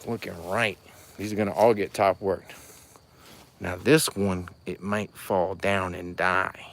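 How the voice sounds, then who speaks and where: A man walks through his outdoor plant nursery after dark, talking to viewers about his trees. He rambles in a chatty, folksy way. His voice drifts off the handheld camera's mic now and then. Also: sits low, little pitch movement, slow pace, gravelly, a little hiss or hum. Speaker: rare fruit tree grower and seller. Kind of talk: casual walking tour, talking to viewers.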